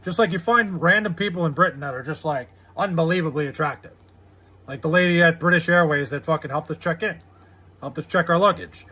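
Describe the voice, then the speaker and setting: High, husky American man rambling. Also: brisk, pushed and bright. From United States. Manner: loose and profane, lots of "like" fillers. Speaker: live streamer reading chat. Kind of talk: casual rambling chat.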